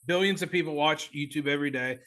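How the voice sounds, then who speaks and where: A man with a Southern American twang hosting a casual podcast, excitable and rambling, laughing often. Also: a little high, fast talker. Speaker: podcast host. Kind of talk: casual chat.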